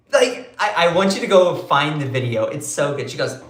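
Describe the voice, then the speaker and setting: Man, live-stream host, animated, sarcastic, fairly high voice, echoey room. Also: moderate pace. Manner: animated, sarcastic, retells quotes in put-on voices. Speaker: political commentary host.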